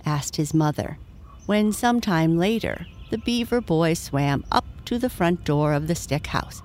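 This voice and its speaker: A woman reading a bedtime story aloud, gentle and measured. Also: low voice, soft background music.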